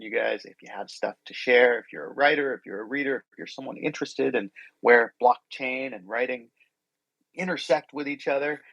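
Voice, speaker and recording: An upbeat man hosts a live online audio chat, greeting guests warmly and chatting easily. His voice sits in a middle range. The sound is dry and close, with no room around it. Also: mid-range voice, dry recording, dull audio. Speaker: host.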